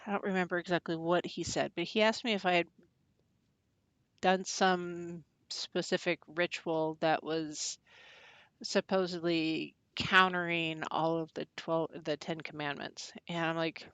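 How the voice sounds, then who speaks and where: A woman who practices witchcraft, talking casually on a livestream and answering chat. She talks haltingly, with many fillers and restarts, and makes wry, blunt remarks. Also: lowish voice, fairly even intonation, fairly bright tone, clean tone, dry recording. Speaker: pagan witch hosting a channel. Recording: dull lo-fi dry sound.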